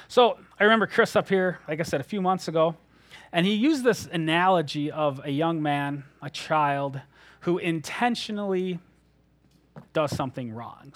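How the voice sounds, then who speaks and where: A man gives a sermon as a church elder, speaking earnestly and casually, often pausing on fillers. His voice sits fairly high for a man. The sound is dry and close, with little room echo. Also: fairly bright tone.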